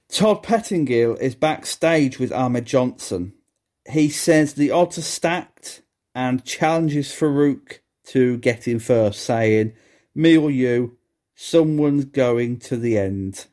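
Male solo podcast host, relaxed and slow, wry and exasperated. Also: medium pitch. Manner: sardonic, exasperated, laughs at the awful match. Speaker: wrestling review podcast host. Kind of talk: casual solo review commentary.

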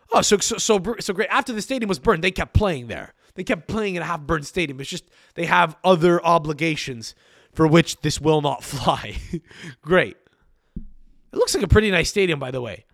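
A man's voice: a little high, a bit bright, dry recording, studio quality. A young man hosting a solo podcast, ranting with frequent swearing and exasperated asides. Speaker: podcast host.

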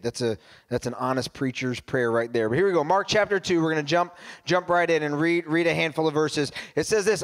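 Male pastor with a higher voice, preaching in a laid-back conversational way. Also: fairly quick. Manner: casual, conversational preaching with repeated restarts. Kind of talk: sermon.

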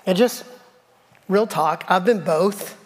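A man's voice: high-pitched, takes it slowly. A middle-aged male pastor preaching a sermon, telling personal stories in a conversational, self-deprecating way and acting out the dialogue. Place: church sanctuary. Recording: long hall reverb.

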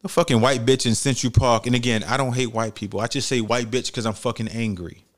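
A man's voice: medium pitch, steady tone, a little fast. A young man from New York City hosting a podcast, giving blunt, profane, heated commentary in casual talk. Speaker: podcast host.

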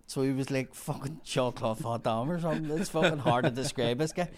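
A man's voice: medium pitch, fairly quick, a little mellow. A man telling a long, rambling story, swearing often. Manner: rambling, heavy swearing, laughs through the story. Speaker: guest storyteller. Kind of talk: casual storytelling.

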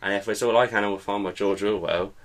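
A man's voice: on the low side, steady tone, fast. A young man co-hosting a podcast, chatting casually and rambling through jokey tangents about football. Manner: rambling, jokey, thinking aloud. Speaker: podcast co-host.

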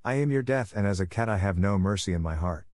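A man's voice: fairly low pitch, animated, quick pace, darkish tone, no room sound, studio quality, lightly acted. A man voicing a large, merciless black tomcat who speaks with a growl in his voice. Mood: coldly calm. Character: menacing large black male cat, cold and merciless.

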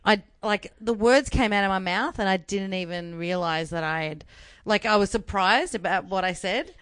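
A young woman with an Australian accent, co-hosting a casual chat and telling a story with animated swearing. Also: medium pitch, normal speed, smooth, no echo. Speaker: podcast co-host.

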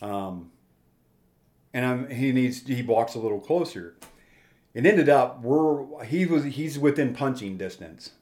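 Man in his 40s telling his life story, rambly, plainspoken, average pitch. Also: animated, measured pace, darkish tone. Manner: plainspoken, rambling with restarts and quoted dialogue. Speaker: guest. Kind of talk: personal testimony storytelling.

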